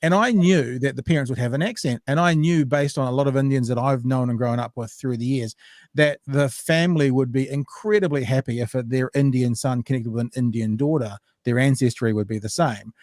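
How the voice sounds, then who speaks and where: A podcast co-host chats casually, rambling, joking, and often cutting himself off mid-sentence. His voice is medium in pitch and somewhat dark, and he talks fairly quickly. The recording is clean studio audio with no room sound.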